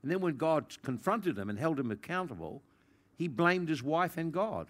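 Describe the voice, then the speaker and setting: A man preaching a sermon, acting out the people he describes and swinging between loud and soft. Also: moderate pace. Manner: animated, acts out quoted voices, big swings in pitch and loudness. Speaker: pastor.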